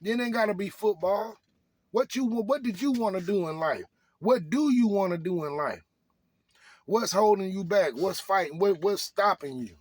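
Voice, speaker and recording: A man's voice: high-pitched, expressive, normal speed, no room sound. Preachy man firing rhetorical questions. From Arkansas. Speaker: vlogger. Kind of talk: motivational rant to camera.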